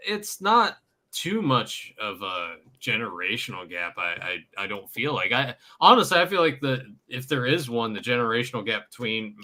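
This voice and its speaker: A man's voice: medium pitch, very animated, moderate pace, bright, forceful tone. A man around forty in casual podcast chat, laughing and rambling. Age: 40s. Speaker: podcast co-host.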